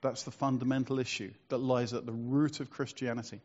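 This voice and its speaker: A man's voice: medium pitch, flat delivery, fairly quick, darkish tone, lo-fi sound. A man preaching a sermon in a conversational, storytelling way, asking rhetorical questions.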